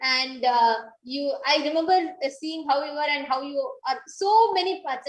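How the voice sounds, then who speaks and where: A woman interviewer asking questions, pausing with fillers as she speaks. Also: high voice. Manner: halting with fillers. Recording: echoey room.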